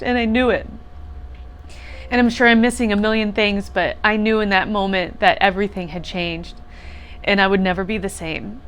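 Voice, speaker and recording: A woman's voice: mid-range voice, fairly even intonation, moderate pace, fairly bright tone. Woman guest, heartfelt storytelling, voice moved and sincere. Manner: emotional, earnest, laughs through tears. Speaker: guest sharing a retreat testimonial. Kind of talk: personal storytelling.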